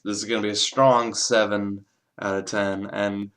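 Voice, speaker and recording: A man giving a casual, rambling spoken film review, swearing freely and filling pauses with lots of hedging words. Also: fairly low pitch, flat delivery, fairly bright tone.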